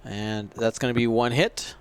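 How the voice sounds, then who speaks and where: A man's voice: medium pitch, steady tone, measured pace, smooth. A man giving play-by-play commentary on a tabletop miniatures game, calling shots and explaining the rules with a wry aside now and then.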